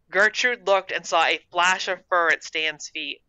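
An author reading their own short story aloud in a steady storytelling manner. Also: mid-range voice, measured pace, clear, resonant tone, no echo. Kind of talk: storybook narration.

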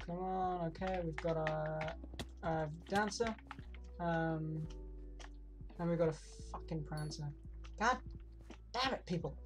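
A woman streaming a video game, reacting out loud, talking to herself and swearing often. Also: sits low, slow pace, pauses often. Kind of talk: live gameplay commentary. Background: game music.

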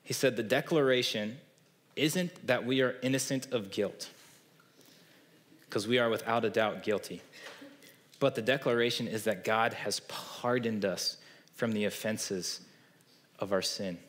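A man's voice: fairly low pitch, measured pace, pauses often, fairly bright tone. A man with a Midwestern American accent preaching a sermon in a church, earnest and conversational, often checking in with "right?". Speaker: pastor. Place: church sanctuary.

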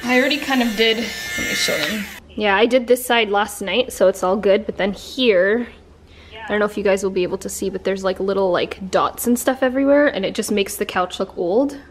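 A woman's voice: mid-range voice, fairly quick, a little hiss or hum. A woman in her twenties with a Canadian accent, chatting casually to camera at home for her vlog, full of giggles and "like" fillers. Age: 20s. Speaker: vlogger. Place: at home in an apartment.

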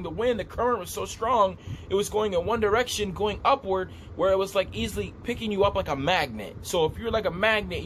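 A man telling a vivid dream story in a casual, animated way, repeating himself as he describes what he saw. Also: high voice, slight background noise. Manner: animated, repetitive, gestures while describing. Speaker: vlogger recounting a dream.

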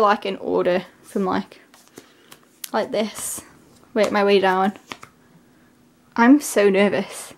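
A woman talking casually in a vlog, gushing and excitable, with lots of filler words. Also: medium pitch. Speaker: vlogger.

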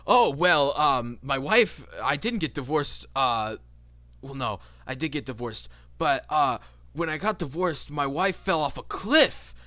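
Man as loud, stammering divorced man, high and rattled. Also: lively intonation, a little slow, no echo. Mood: flustered. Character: flustered divorced man, unable to cry.

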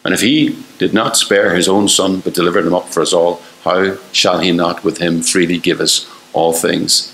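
A man's voice: low-pitched, fairly even intonation, normal speed, hardly any pauses, fairly bright tone, echoey room, slight background noise, rough recording. An older man preaching a fervent sermon, asking the listeners one rhetorical question after another and acting out the voices he quotes.

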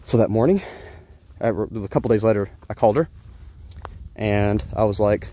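A man's voice: lowish voice, moderate pace, pauses often, mellow, a little hiss or hum. A man telling a personal story in an earnest, rambling way, often restarting his sentences. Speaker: vlogger.

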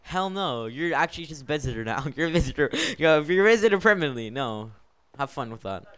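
A man's voice: a little high, lively intonation, quick pace, fairly bright tone, clean tone. Exasperated streamer man, scolding and laughing. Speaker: livestreamer running a Minecraft server. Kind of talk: casual live-stream commentary.

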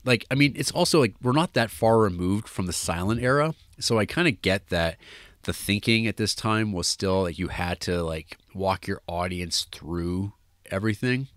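With a low, fairly bright voice and lively intonation at a moderate pace, a man co-hosts a podcast, rambling through a casual film review with lots of fillers and restarts. It's clean studio sound with no room sound.

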